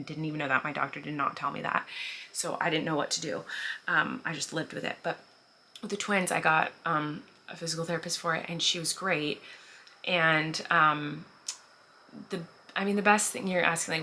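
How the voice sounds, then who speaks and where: A woman in her thirties talks loosely to her viewers, her low voice carrying a bright, forward edge. She rambles in a chatty way with plenty of "like" and "um" and small laughs. A faint hiss sits under the recording. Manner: chatty, frequent "like" and "um", laughs while talking. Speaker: vlogger answering viewer questions. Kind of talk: casual chat.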